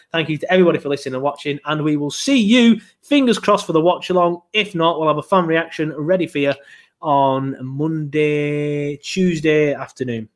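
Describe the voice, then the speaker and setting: A rambling podcast host, chatting casually about his club and swearing freely. His voice sits a touch high for a man, and he laughs easily between thoughts. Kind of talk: casual chat.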